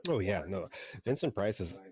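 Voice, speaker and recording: A man with a very low voice co-hosts a podcast in casual, rambling chat. He talks with loose enthusiasm and swears casually. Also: lively intonation, moderate pace, a little mellow. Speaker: podcast co-host.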